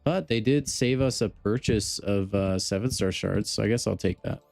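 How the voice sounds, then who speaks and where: A man's voice: on the low side, moderate pace, gravelly, a little mellow, dry recording, faint music behind. A man chatting casually on a gaming live stream, joking and talking straight to his chat. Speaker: game streamer.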